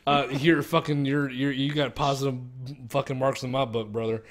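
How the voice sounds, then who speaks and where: A man's voice: medium pitch, fairly even intonation, a little slow. A young man ranting profanely in casual chat on a stream, mocking others with exaggerated voices. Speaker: streamer co-host.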